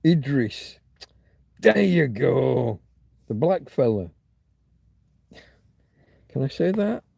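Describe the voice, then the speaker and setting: A man's voice: medium pitch, very animated, extremely slow, gravelly, dark tone, husky, no room sound. A man hosting a loose livestream, thinking aloud and muttering asides as he reads viewers' chat. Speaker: livestream host. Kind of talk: rambling live chat with viewers.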